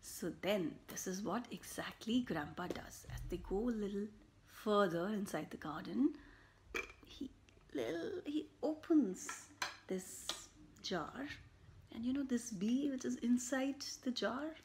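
A woman telling a children's picture-book story in an unhurried, lilting voice that sits a little high. She animates the tale with buzzing and animal noises and slips into hushed whispers now and then. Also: a little hiss or hum. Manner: slow and animated, with sound effects and soft whispered asides. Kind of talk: children's story read-aloud.

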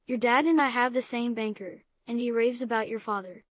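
A woman reading as a gentle schoolteacher father. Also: fairly high pitch, brisk, no room sound, close to an everyday voice. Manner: calm, kindly encouraging.

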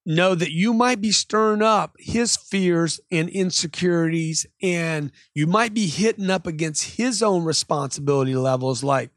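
Male sales coach, energetic monologue, voices customers in outbursts, dry studio sound. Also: fairly high pitch, no echo. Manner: animated, acts out customer quotes with sudden loud outbursts. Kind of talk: motivational monologue.

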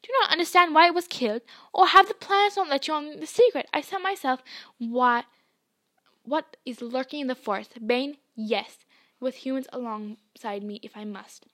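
A woman's voice: high-pitched, normal speed, fairly bright tone, no echo. A woman voicing a solemn young centaur. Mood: urgent. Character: proud young male centaur, urgent and solemn.

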